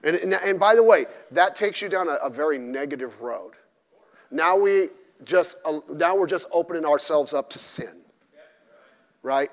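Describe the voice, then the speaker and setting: In an echoey church hall at a midweek service, a male pastor preaches at normal speed in a fairly high, animated voice. His sermon is blunt and emphatic, with mocking asides.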